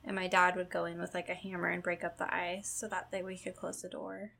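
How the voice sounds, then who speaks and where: Easygoing woman with a gravelly edge. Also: fairly low pitch, completely flat delivery, fairly quick, pushed and bright. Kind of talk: casual chat among friends.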